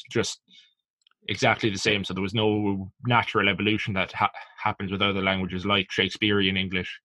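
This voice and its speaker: A man's voice: fairly low pitch, flat delivery, normal speed, bright, forceful tone, no room sound. An Irish man in his twenties co-hosting a podcast, rambling loosely and saying "like" a lot. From Ireland. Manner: loose and rambling, heavy use of "like". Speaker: podcast co-host. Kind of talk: casual podcast chat.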